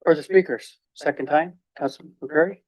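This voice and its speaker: A man chairing a council meeting makes brisk procedural calls in a council chamber. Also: fairly high pitch, darkish tone, dry recording.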